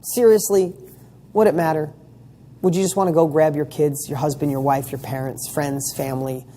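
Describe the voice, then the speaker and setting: A man's voice: a little high, fairly even intonation, moderate pace, warm tone, a little hiss or hum. A man giving a motivational talk, firing rhetorical questions with emphatic, casual delivery and the odd swear word. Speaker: motivational speaker.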